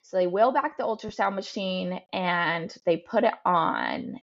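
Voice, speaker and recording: A woman in her thirties, a podcast guest, telling a personal story in a halting, emotional way with frequent ums and restarts. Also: on the low side, gravelly, muffled recording.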